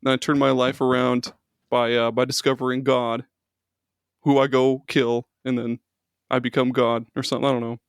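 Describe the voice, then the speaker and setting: A man's voice: mid-range voice, normal speed, smooth, no echo, studio quality. A young man co-hosting a comedy podcast, telling absurd scenarios with profanity and sudden shrieks. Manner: profane, animated storyteller with shrieking bits. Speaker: podcast co-host. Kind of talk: casual comedic banter.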